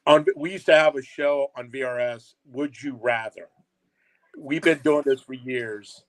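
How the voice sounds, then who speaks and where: A man with a mid-range voice guests on a podcast. He answers haltingly and fills his pauses with "um" and "uh". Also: mid-range voice, poor audio. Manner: halting, filler-heavy. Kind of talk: casual chat.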